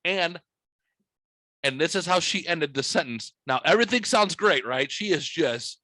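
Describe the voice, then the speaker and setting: A man's voice: on the high side, expressive, normal speed, sharp tone, dry recording, poor audio. A young man hosting a podcast, telling a story in a joking, profane, smart-aleck way. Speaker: podcast host. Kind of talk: casual storytelling.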